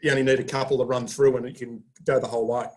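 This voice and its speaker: A man on a video call, telling a poker story in an even, unhurried way. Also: mid-range voice. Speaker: poker group member. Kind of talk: casual chat on a video call.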